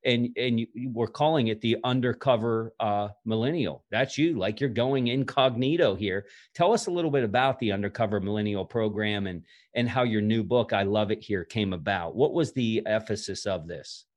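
Measured, lower-voiced male podcast host. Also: darkish tone. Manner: measured, with frequent "uh" fillers. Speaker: podcast host and executive coach. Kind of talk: interview host introduction.

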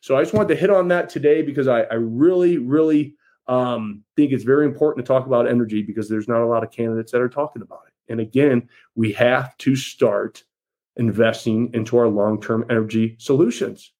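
A man's voice: mid-range voice, a little fast, darkish tone. A man giving an emphatic campaign speech, repeating his points and addressing listeners as folks. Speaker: political candidate.

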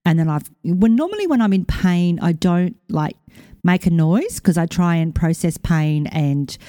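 A middle-aged woman hosting a podcast, telling a personal story in a chatty, animated way and acting out quotes, while recovering from a concussion. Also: on the low side, measured pace, dry recording, studio quality. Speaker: podcast host. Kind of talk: casual storytelling monologue.

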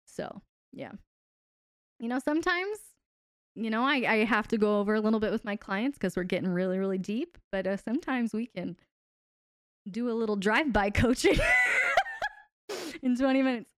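A woman's voice: medium pitch, animated, normal speed, pauses often, smooth, dry recording, clean studio sound. A woman hosting a live stream who wraps up casually, teasing viewers and answering chat with plenty of laughter. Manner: playful and teasing, laughs often. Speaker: host and relationship coach.

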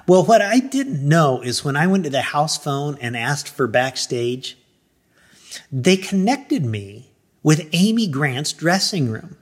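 A middle-aged man, a pastor, telling a personal story in an animated way, acting out his own thoughts and replies. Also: medium pitch, a little slow, breathy edge.

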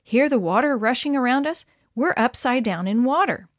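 A woman's voice: on the high side, animated, normal speed, no echo, clean studio sound, natural voice. Capable mother, as a woman reader puts her on. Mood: dazed.

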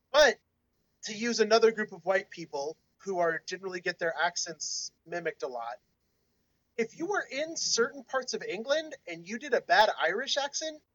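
A high-pitched man co-hosting a podcast conversation, laying out his views in a patient, lecturing way. His voice sits well up in its range, and the recording is dry and close, with no room sound. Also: a bit bright, no room sound, poor audio. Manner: explanatory, lecturing tone. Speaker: podcast co-host. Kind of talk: casual discussion.

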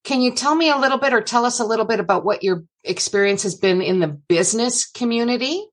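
A woman co-host interviews her guest casually with curious, encouraging questions. Her voice sits fairly high and is a bit breathy. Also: fast talker. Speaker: podcast co-host.

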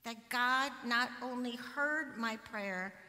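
A middle-aged woman pastor giving a sermon, telling a personal story in a conversational, animated way. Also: fairly high pitch, slow. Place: church sanctuary. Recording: long hall reverb from a church.

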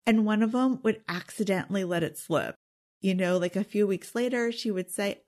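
Earnest and intimate, a woman with a mid-range, slightly mellow voice gives a self-help talk directly to her audience at a moderate pace, occasionally lowering her voice to a whisper in this confiding direct-to-camera delivery.

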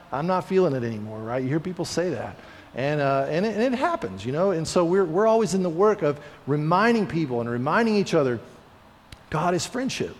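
A man preaching a sermon in a relaxed, conversational way, acting out little quotes as he tells stories. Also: fairly high pitch, long reverb tail. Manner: conversational, animated storytelling with acted-out quotes. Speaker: pastor.

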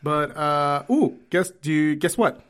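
A man co-hosting a podcast in casual chat, easygoing and loose, filling pauses with uh and like. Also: on the high side, a bit bright. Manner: easygoing, with many fillers like uh and like. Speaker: podcast co-host.

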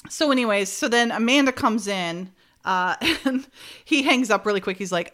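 A woman's voice: a little high, moderate pace, fairly bright tone. A woman co-hosting a podcast, casually retelling a show's scenes with laughs and acted-out quotes. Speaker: podcast co-host recapping a show. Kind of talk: casual chat.

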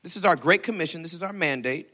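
A man preaching a sermon, telling a story with animated delivery and acting out quotes in a raised voice. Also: fast talker, breathy edge. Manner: animated, acts out quotes with big pitch jumps. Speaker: pastor.

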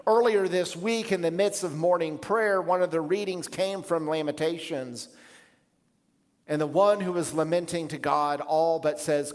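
A man's voice: on the high side, darkish tone. Reflective male pastor in echoing hall. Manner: measured, reflective preaching with pauses. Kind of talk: sermon.

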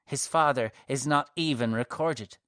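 A haughty old high priestess spits her scorn, loud and sneering, voiced by a man. She drags her words out slowly and spitefully. The sound is dry and close, with no room around it. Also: clear, resonant tone, no room sound, close to an everyday voice. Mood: scornful.

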